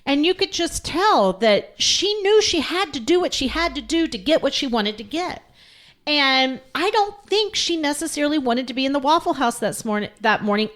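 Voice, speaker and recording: A woman's voice: high voice, fairly bright tone. Earnest woman telling a story. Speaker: podcast co-host. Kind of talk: storytelling in a podcast chat.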